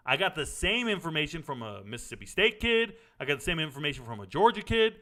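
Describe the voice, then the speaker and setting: Middle-aged male sports host, bright and a bit high voice, blunt and opinionated, casual Q&A. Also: very animated, fast talker, hardly any pauses. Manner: blunt, opinionated, drifts into stories. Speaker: sports commentary host answering viewer questions. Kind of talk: casual live Q&A chat.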